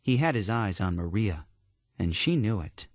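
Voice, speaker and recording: A man narrating a horror story audiobook in a steady, measured storytelling manner. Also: fairly low pitch, no echo.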